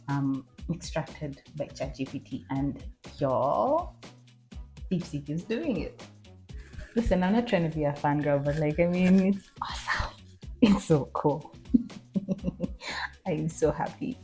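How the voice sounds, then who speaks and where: A woman vlogs in a casual, bubbly way, her voice low and mellow. She gets animated and playful, and faint background music sits under her talk. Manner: bubbly, animated, mimics the chatbot in funny voices; excitable squeals and laughs. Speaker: vlogger. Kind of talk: casual vlog chat.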